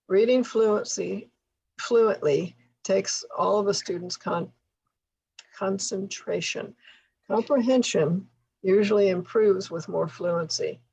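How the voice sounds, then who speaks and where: Husky gravelly woman trainer. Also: on the low side, poor audio. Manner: explanatory, gentle laughs. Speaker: tutor trainer. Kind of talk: workshop instruction.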